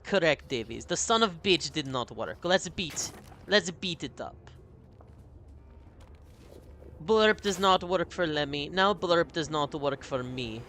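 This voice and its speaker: A man playing a deadpan, gloomy version of himself with a mock Russian voice and broken grammar, on a live game stream. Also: on the high side, slight background noise.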